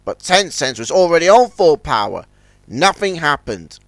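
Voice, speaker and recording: Male storyteller, scripted narration, high voice, lively, dry sound. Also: normal speed, no room sound. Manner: expressive storybook reading.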